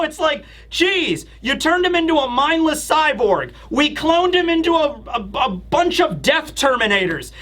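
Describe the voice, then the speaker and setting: A man's voice: very high voice, pitched above the performer's own voice, heavily acted. A man doing a shrieking, outraged scientist. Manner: shouting in outrage. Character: exasperated male genius scientist.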